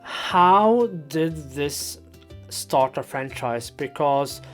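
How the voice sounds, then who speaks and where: Woman co-host, lower pitch, dry and teasing, casual chat. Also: animated, extremely slow, faint music behind. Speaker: podcast co-host.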